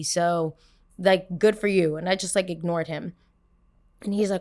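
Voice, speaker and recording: A woman's voice: normal speed, pauses often. A young woman hosting a podcast, telling a story casually and acting out the people she quotes with a raised voice. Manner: animated, acts out quotes with raised pitch. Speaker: podcast host.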